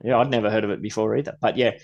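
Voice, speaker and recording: A man with an Australian accent co-hosting a podcast, joking and swearing casually in relaxed chat. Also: lowish voice, racing, creaky, muffled recording. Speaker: podcast co-host.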